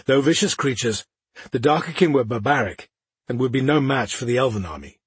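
A man narrating a fantasy audiobook in a steady, measured reading style. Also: mid-range voice, husky, no echo.

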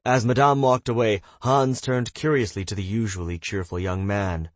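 A man narrating an audiobook in a measured, even way. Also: on the low side, no echo. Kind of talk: scripted narration.

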